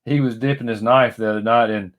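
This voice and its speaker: A man's voice: mid-range voice, steady tone, quick pace, phone-quality sound. A middle-aged man, chatting casually and rambling to viewers by name as he unboxes toys. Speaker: vlogger. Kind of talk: casual chat while unboxing.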